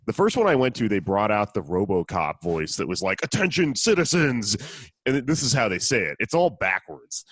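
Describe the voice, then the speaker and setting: A man's voice: low voice, big pitch swings, fairly quick, few pauses, dry recording, clean studio sound. A man hosting a casual podcast, telling a story in a profane, sardonic way. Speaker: podcast host.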